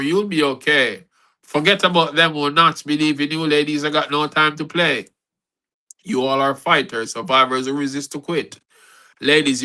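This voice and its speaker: A man hosts a spoken word livestream, his voice bright and somewhat high for a man. He talks in an animated way and mixes in patois phrases. The sound comes through a video call mic. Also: poor audio. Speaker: host.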